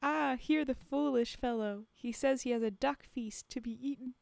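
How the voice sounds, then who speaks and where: A woman's voice: sits high, normal speed, vocal fry, darkish tone, dry recording. A woman voicing the mocking leader of a wolf pack in a storybook reading.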